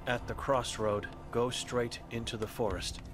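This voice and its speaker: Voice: medium pitch, steady tone, a little slow, soft background music, lightly acted. A game voice actor playing an old blind, mute woman who speaks in grim, clipped fragments. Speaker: game character.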